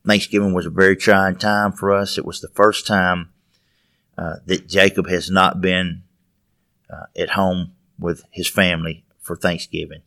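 A man with a very deep voice that barely rises or falls. He speaks in a measured, hesitant way. The sound is dry and close. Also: a bit bright, dry recording. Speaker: guest, father of the subject. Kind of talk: interview answers.

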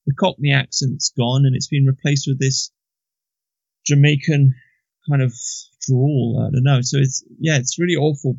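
A gravelly-voiced man from Britain talks through his thoughts in a relaxed conversation. He is reflective and halting, often circling back to restart a phrase. The recording is dull and lo-fi, close and dry. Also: medium pitch, no echo. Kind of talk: casual conversation.

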